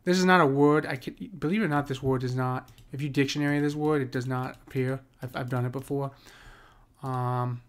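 A man teaching a casual lesson on poetic meter, talking conversationally, often checking in with his listeners and slowing down to read verse aloud. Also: mid-range voice, steady tone, clear, resonant tone.

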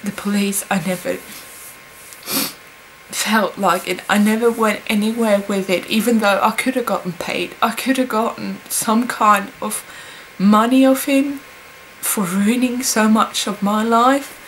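A young woman speaking in a personal confessional vlog, hesitant and halting, with many pauses and fillers. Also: medium pitch, steady tone, fairly bright tone, slight background noise, rough recording. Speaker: vlogger.

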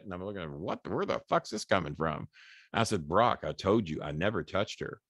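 A man's voice: lowish voice, big pitch swings, fairly quick, gravelly, a bit bright, slightly rough, no echo, clean studio sound. An older man, a podcast guest, animatedly retelling a story in casual chat, swearing freely and acting out the quoted voices.

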